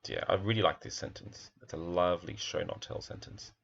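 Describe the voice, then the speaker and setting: A man's voice: deep voice, brisk, gravelly, fairly bright tone, husky, dull audio. A man, a primary school teacher, talks thoughtfully through a picture book, admiring its pages and asking questions aloud.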